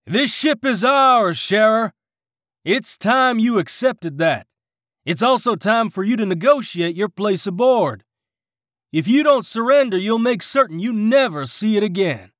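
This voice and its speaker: A commanding crew leader bellows his warnings in a raised, strained voice, as a man acts him out. The delivery is defiant and swings widely in pitch. The sound is dry and close. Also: lively intonation, a little slow, no echo. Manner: shouting defiant threats.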